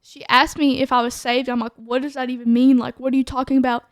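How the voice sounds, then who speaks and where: High-voiced chatty woman. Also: level tone, fast talker, no room sound, clean studio sound. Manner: chatty, full of "like" fillers. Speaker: podcast co-host sharing her testimony. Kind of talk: casual testimony chat.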